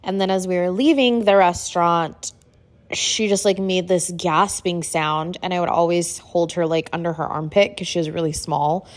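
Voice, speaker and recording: A middle-aged woman tells a personal story in a loose, chatty way, sprinkling "like" throughout. Her voice sits a little low for a woman. She grows animated when she acts out what people said. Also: moderate pace. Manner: chatty, filler-heavy, uses "like" often. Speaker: podcast host.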